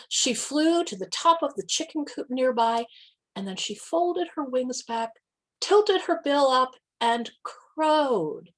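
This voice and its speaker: A woman reading a children's animal story aloud during a church service, expressive and animated. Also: high-pitched, slow pace.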